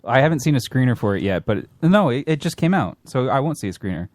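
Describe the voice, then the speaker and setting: A man's voice: mid-range voice, very animated, quick pace, a little mellow, no room sound. A man co-hosting a podcast in casual chat, dry and opinionated. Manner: dry, opinionated, matter-of-fact. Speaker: podcast co-host.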